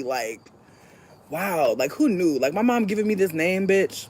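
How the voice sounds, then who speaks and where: Animated, profane woman chatting with viewers. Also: lowish voice, unhurried, husky. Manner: profane, animated, laughs loudly. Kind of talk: casual chat.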